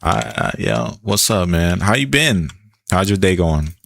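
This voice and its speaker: Laid-back deep-voiced man streaming a game. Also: lively intonation, measured pace, vocal fry, fairly bright tone. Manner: laid-back, chatty, reads chat aloud. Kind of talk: casual gameplay commentary.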